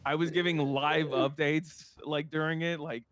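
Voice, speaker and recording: A man's voice: a little high, fairly even intonation, normal speed, a bit bright. A young man with a groggy morning voice, chatting in a roleplay game and stammering as he rambles. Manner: stammering, rambling, self-amused. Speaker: roleplay player. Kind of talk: casual roleplay chat.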